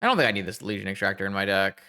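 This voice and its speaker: A man giving casual live-stream gameplay commentary, thinking aloud and talking to his chat in a chatty, excitable way. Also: deep voice, rapid-fire.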